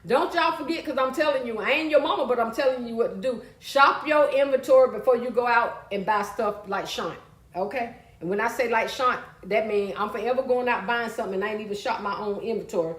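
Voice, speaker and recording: A woman hosting a casual live stream, chatty and loud, calling out to viewers and reading their comments. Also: a little high, a little fast, roomy sound.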